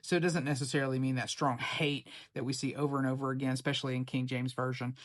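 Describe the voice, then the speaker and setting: A woman's voice: a bass voice, level tone, fast talker, dry recording. A woman preacher giving a casual Bible lesson to camera, chatty and playful, with slangy asides. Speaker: preacher teaching Bible study.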